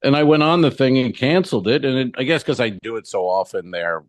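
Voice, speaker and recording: A man's voice: medium pitch, brisk, no room sound. A middle-aged man co-hosting a comedy podcast, casually telling a profane story and acting out both sides of the dialogue. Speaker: podcast co-host.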